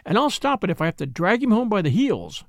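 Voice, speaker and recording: A man playing a brisk young gentleman. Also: sits high, big pitch swings, vocal fry, no room sound, clean studio sound, exaggerated voice. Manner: brisk, emphatic. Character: brisk impatient young gentleman, hurried and candid. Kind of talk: audiobook character voice.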